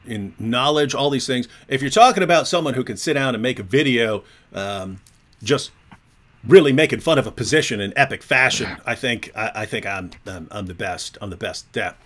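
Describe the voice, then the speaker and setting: A man co-hosting a casual livestream chat. His tone is mocking and jokey, and he laughs often. His voice is bright and forceful at an average pitch. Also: a little fast. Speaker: co-host.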